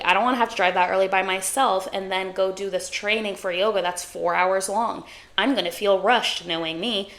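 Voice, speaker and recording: A woman's voice: mid-range voice, fairly bright tone. A young woman in her twenties hosting a solo podcast, talking in a chatty, confiding way full of "like", reflecting on her own thoughts and feelings. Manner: chatty, heavy use of "like". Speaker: podcast host. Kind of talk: casual solo podcast talk.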